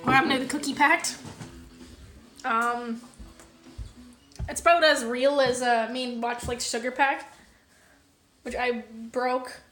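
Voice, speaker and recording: A woman from Canada with a high, bright voice chats loosely to her live-stream viewers from home. She rambles with plenty of fillers and casual swearing, and faint music plays behind her. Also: fairly even intonation, takes it slowly, pauses often. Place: home, indoors.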